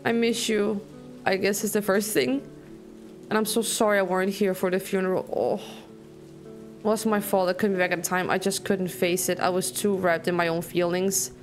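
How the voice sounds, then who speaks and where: This is a restless young woman torn between hurt and anger, read out by a woman playing a game. She pleads and pushes back in a mid-pitched voice. Faint music plays behind her. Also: steady tone, normal speed, close to an everyday voice. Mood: grieving. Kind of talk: reading game dialogue aloud.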